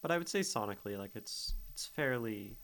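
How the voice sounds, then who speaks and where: A man's voice: lowish voice, expressive, a little fast, gravelly, fairly bright tone, clear, resonant tone, rough recording. A man streaming as a poetry critic, thinking aloud in a casual way and sounding out rhythms and syllables as he reads lines. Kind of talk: casual livestream poetry analysis.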